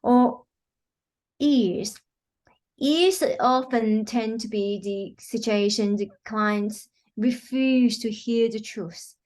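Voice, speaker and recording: Her voice is a little high and a little mellow, and she speaks extremely slowly. A healing practitioner guesting on an interview, she explains her work earnestly, often saying "you know" and acting out quotes.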